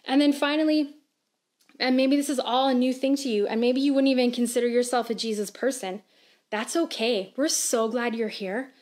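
A woman in her thirties preaching a sermon on a church livestream, earnest and conversational, asking gentle questions. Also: a little high, normal speed. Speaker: pastor.

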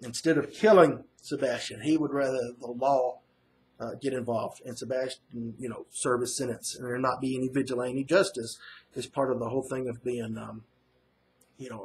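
With slight noise in the background, a medium-pitched man gives his first impressions of a comic book issue. His casual recap rambles, packed with filler words and restarted sentences.

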